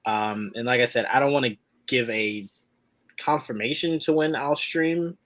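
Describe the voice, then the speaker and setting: A man's voice: mid-range voice, normal speed. Laid-back man hosting a chat podcast. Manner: relaxed, rambling with fillers. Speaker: podcast host. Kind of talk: casual chat, show sign-off.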